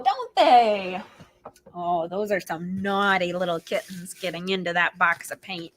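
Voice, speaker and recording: A woman librarian reading picture books aloud to preschoolers in an animated, expressive way, gasping and making animal noises. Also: mid-range voice, a little slow. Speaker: children's librarian hosting storytime.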